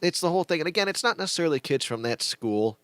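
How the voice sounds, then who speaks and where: A man's voice: on the high side, lively intonation, fast, fairly bright tone, clean tone, dry recording. A man hosting a casual chat podcast, rambling and repeating words as he talks, with some swearing. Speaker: podcast host. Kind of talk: casual chat over drinks.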